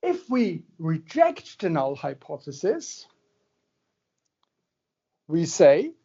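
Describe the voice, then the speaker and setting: Male lecturer, unhurried and animated, mellow husky tone, dull lo-fi recording. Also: fairly high pitch. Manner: conversational, jokey, checks in with the audience. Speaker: university lecturer. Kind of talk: classroom lecture.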